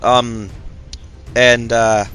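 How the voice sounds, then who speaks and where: A man's voice: mid-range voice, little pitch movement, extremely slow, fairly bright tone, clean tone, soft background music. A young man hosting his own channel, telling a rambling story full of ums, restarts and self-mocking asides. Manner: hesitant, full of fillers and self-corrections, self-mocking.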